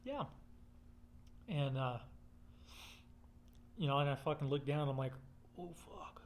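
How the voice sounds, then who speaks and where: A man's voice: medium pitch, lively intonation, measured pace, a little hiss or hum. A man telling a rambling personal story in casual, profane, blunt speech.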